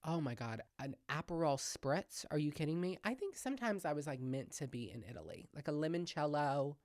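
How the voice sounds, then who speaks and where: A man's voice: a little fast, no room sound, clean studio sound. Chatty young Southern man with a twang. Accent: Southern US, Louisiana twang. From Louisiana. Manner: chatty, gossipy, self-deprecating, lively swings in pitch and loudness. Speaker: comedian podcast host. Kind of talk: casual solo podcast chat. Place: home-made podcast set with hung backdrop.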